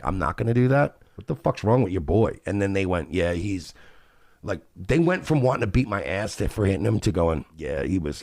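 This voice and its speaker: Male podcast host, crude rambling monologue, dry close mic, gravelly. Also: deep voice, darkish tone, no room sound. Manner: crude, rambling and profane, acting out quoted people. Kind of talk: casual monologue.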